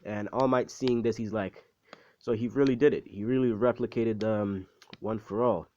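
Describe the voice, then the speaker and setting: Low-voiced man rambling through a story. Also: steady tone, moderate pace, dark tone. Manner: rambling, swears often, many fillers. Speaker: storyteller retelling a fan story. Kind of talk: casual storytelling. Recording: dull, dry lo-fi recording.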